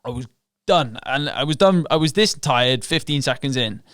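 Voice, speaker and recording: A man on a podcast recounts a fight in loose, candid storytelling, swearing freely and slipping into the voices of his own racing thoughts. His voice is mid-pitched and recorded close and dry, with no room sound around it. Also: expressive, moderate pace, a bit bright, no room sound. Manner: frank and profane, relives moments with quoted inner thoughts. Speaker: podcast guest, professional MMA fighter. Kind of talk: casual interview storytelling.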